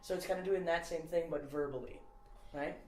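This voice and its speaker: A woman's voice: deep voice, a little fast, dark tone, roomy sound, poor audio. A woman in a casual conversation, rambling as she explains an idea and filling her talk with "like". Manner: rambling, with many fillers of "like". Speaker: podcast guest explaining a comedy idea.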